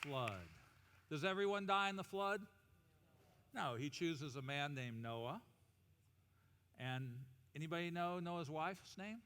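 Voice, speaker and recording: Brief: energetic male pastor, jokey sermon, high bright voice, big church reverb. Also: slow, long pauses, slight background noise. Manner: animated, humorous, leads congregation in call-and-response. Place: church auditorium.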